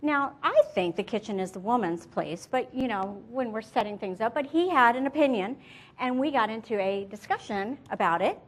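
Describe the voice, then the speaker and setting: A middle-aged woman, an image consultant, giving a lively motivational presentation and addressing her audience directly with stories. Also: a little high, moderate pace.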